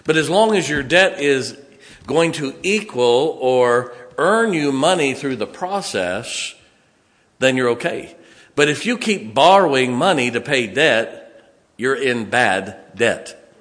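A man's voice: mid-range voice, animated, slow pace, fairly bright tone, in a large hall. A male pastor preaching a sermon, reading scripture aloud and adding emphatic asides to his congregation.

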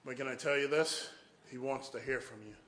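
In a church with lots of echo, a man preaching as a guest speaker tells an animated story, voicing the people in it and breaking into sudden whoops. He speaks a little quickly in a fairly bright, steady, mid-range voice.

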